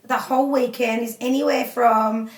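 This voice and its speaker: A woman coach talking casually on a podcast, animated, laughing often and swearing offhand. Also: fairly high pitch, moderate pace, echoey room, far from the mic. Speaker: spiritual empowerment coach, guest.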